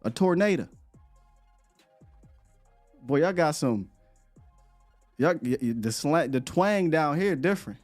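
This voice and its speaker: A man hosting a live morning sports show, talking in an animated, rambling way and laughing often. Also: a little high, takes it slowly, long pauses, faint music behind. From United States.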